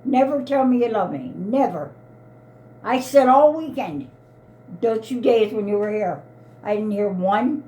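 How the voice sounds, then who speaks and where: A woman's voice: on the high side, expressive, unhurried, warm tone, dull audio. A woman in her eighties, an elderly mother, arguing in an upset, pleading way and repeating herself. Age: 80s. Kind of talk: heated family argument.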